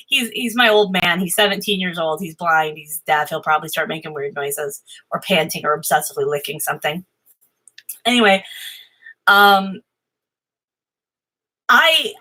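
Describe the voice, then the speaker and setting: A middle-aged woman talks casually from her desk at home, her voice bright and forward. She rambles, restarts sentences, and plays up her own worries. Her pitch sits in an ordinary middle range for a woman. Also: low-quality recording. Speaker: tarot vlogger. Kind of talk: casual chat to camera.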